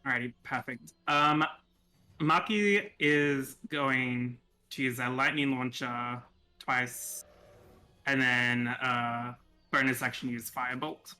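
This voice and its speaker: A man works slowly through his turn in a tabletop game, hesitating with frequent ums. His voice is very bright and sharp, and his delivery is unhurried. Faint music plays underneath. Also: mid-range voice. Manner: slow, hesitant, many ums. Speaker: player. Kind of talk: casual game talk.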